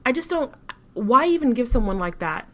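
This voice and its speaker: A woman co-hosting a casual commentary chat, speaking in a thoughtful, measured way. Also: a little high, big pitch swings. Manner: thoughtful, measured, some restarts. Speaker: co-host.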